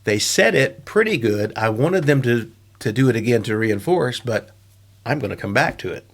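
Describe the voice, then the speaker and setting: A middle-aged man talks through his teaching tips in a loose, conversational monologue. His voice sits at an ordinary middle pitch, and he wanders into asides and fillers as he goes. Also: moderate pace. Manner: relaxed, chatty, with frequent fillers and asides. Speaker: online English teacher giving tips.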